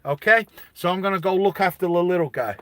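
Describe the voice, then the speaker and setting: A man's voice: high voice, fast talker, fairly bright tone, no room sound. An Australian man voicing a big, older male robot foreman who smokes cigars, a tough but kindly boss with blunt, streetwise talk. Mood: reassuring.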